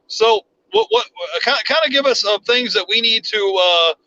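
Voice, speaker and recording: High, bright-voiced man hosting a livestream. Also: wildly swooping pitch, normal speed, vocal fry, highs cut off. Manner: rambling, restarts often, reads viewer comments aloud. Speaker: livestream host. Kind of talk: casual live chat.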